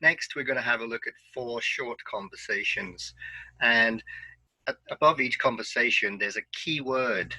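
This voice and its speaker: A man teaching an online English pronunciation lesson, giving patient, clear instructions. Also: medium pitch, normal speed, sharp tone, no echo, low-quality recording.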